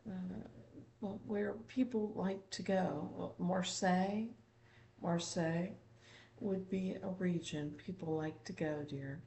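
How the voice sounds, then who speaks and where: A woman with a gravelly, mellow voice channels a spirit in an apartment. She swears constantly, repeats herself, and keeps calling the listener "dear". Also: medium pitch, poor audio. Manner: profane, repetitive, calls listener "dear". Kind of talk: channeling monologue.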